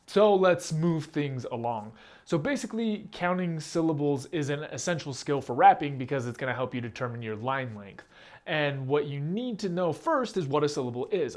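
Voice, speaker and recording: Man casually teaching rap basics. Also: a little high. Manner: plain, direct step-by-step explaining. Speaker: rap teacher and channel host. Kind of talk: casual instructional talk to camera.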